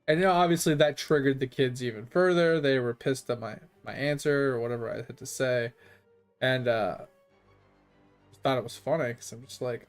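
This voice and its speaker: A man's voice: mid-range voice, steady tone, normal speed, faint music behind. A man streaming a game and casually telling a long, rambling story, swearing freely and chuckling as he goes.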